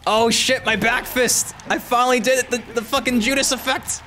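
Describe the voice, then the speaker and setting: A man giving let's-play commentary on a fighting game, excitable, swearing, shouting and laughing at the action. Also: very high-pitched, moderate pace, a little hiss or hum. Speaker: gamer.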